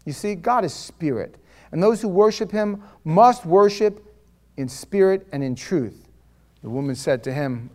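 Male pastor, somewhat high voice, chatty sermon delivery with dry humor, shifts from loud to hushed. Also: lively intonation, moderate pace. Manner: conversational, wry and humorous, swinging between loud and hushed.

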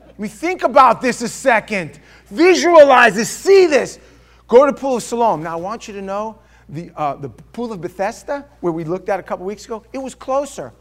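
An older man with a high voice preaches a sermon. He tells it like a story, full of rhetorical questions, rising to loud bursts and dropping to near-whispers. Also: very animated, normal speed. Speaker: pastor.

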